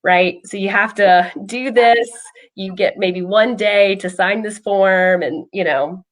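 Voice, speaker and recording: A woman speaking as a behavioral health clinician casually tells a personal story, full of ums, in an explanatory chat. Her voice is mid-range and her delivery slow.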